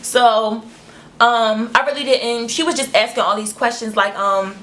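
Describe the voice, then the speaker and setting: Blunt, animated young woman telling a story. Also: on the high side, unhurried. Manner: frank, blunt retelling with slang and swearing; animated, acting out the other people in the story. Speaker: vlogger. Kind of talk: storytime vlog.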